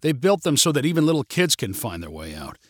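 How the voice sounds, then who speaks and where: A sarcastic, grumbling young man who doubts everything, as a male narrator reads him. His voice sits at an ordinary middle pitch. The reading is dry and close. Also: very animated, quick pace, fairly bright tone, breathy edge, no echo. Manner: sarcastic and skeptical.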